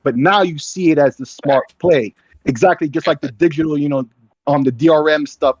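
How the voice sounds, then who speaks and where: A man with a higher voice co-hosting a gaming podcast, giving his opinions at length with many "you know"s. His mic sounds dull and muffled, with no room sound around him. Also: moderate pace, a little mellow, slightly rough, dry recording. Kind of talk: casual gaming podcast chat.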